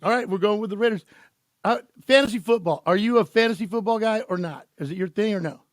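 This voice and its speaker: Guy hosting sports radio, high voice, jokey and loose, dry studio sound. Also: fast talker, no echo. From California. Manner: joking, loose, laughs often. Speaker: sports radio show host. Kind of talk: casual sports talk show chat.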